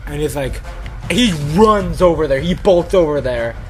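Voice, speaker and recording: A man's voice: on the high side, animated, normal speed, darkish tone, faint music behind, poor audio. A man casually telling a story to friends, rambling with lots of "like" and restarts.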